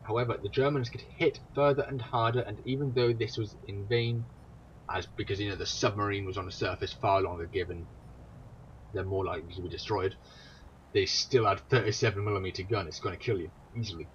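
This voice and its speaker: A man's voice: on the low side, steady tone, a little fast, a little hiss or hum. A tired young man giving a rambling, sweary commentary on wartime history, with exasperated asides. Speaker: video creator. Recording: dull lo-fi home recording, faint ambience.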